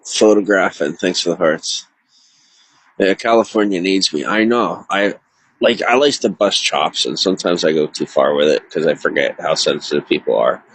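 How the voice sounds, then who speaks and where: A man's voice: deep voice, normal speed, fairly bright tone, breathy edge, rough recording. A man live-streaming to viewers alone, distressed and near tears, rambling with many filler words. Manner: rambling, heavy on filler words, self-interrupting. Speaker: livestreamer.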